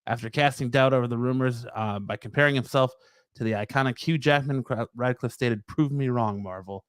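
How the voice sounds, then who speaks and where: A man reads geek news items on a podcast and then riffs on them casually. His voice comes across smooth and resonant. The sound is dry and close, with no room around it. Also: mid-range voice, a little fast, no room sound. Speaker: podcast co-host reading news.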